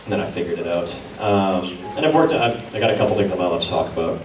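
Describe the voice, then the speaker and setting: A man's voice: deep voice, fast. Chatty male voice actor in echoey hall. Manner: chatty, self-deprecating, laughs often. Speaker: voice actor on a convention panel. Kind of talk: casual panel talk. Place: large convention hall. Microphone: audience camera from a distance. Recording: echoey hall from far off, background noise.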